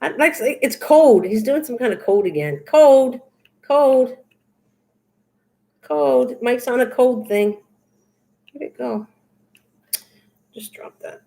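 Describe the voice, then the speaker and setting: A woman's voice: on the high side, expressive, unhurried, long pauses, dark tone. An older woman hosting a craft livestream, chatting casually with her viewers in a goofy, teasing, rambling way. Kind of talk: casual chat with live viewers.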